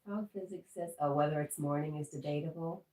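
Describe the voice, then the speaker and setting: A woman's voice: low voice, brisk, darkish tone. A woman hosting a casual livestream from home, chatting with viewers and talking to her pet. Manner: chatty, talks to her pet and reads viewer comments aloud. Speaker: livestream host. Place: home indoors. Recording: roomy echo, mic at a distance, faint noise.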